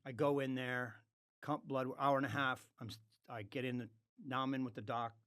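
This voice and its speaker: A man's voice: medium pitch, flat delivery, moderate pace, a bit bright, clear, resonant tone, dry recording, clean studio sound. A man telling a blunt anecdote on a podcast, acting out the quoted dialogue. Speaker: podcast guest. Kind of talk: casual anecdote.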